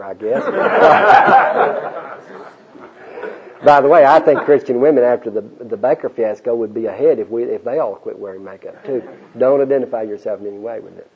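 A man's voice: medium pitch, slightly rough. A man preaching a sermon as pastor, folksy and joking, mixing stories with teaching. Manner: folksy, joking asides with laughter. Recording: dull lo-fi sermon recording.

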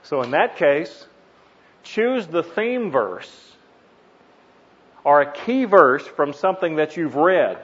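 Male preacher, earnest teaching delivery, punches key words; slightly high voice, muffled lo-fi tape. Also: very animated, slow, pauses often, a bit bright, husky. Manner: earnest, stresses single words with sudden emphasis. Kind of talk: teaching sermon on Bible meditation. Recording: dull lo-fi recording.

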